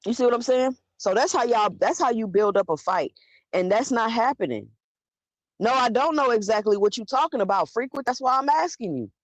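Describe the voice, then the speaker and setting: A woman hosting a live stream, talking straight at her viewers in a blunt, argumentative way. Her pitch jumps around a lot as she makes her points. The sound is dry and close, with no room around her. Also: expressive, fairly quick, no room sound. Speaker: livestream host. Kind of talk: live commentary talking to chat.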